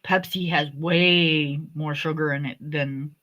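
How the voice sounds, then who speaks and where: A woman with a bright, forward voice chats easily on a livestream, trading memories with a friend. Her delivery is relaxed and conversational. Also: low-pitched, takes it slowly, lo-fi sound. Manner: relaxed, chatty, reminiscing. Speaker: livestream host. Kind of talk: casual chat.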